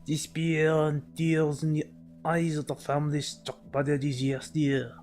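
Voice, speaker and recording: Man doing a pompous French doctor, mock French accent, hammy, slow and grand. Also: a little high, monotone, darkish tone, soft background music, lightly acted. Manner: hammy, breaking into laughter.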